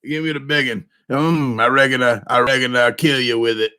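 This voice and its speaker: A man doing a grunting slow-witted Southern drawl. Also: steady tone, bright, forceful tone, clean tone, close to an everyday voice. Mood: slow, menacing. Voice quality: low grunting drawl with "mm" murmurs.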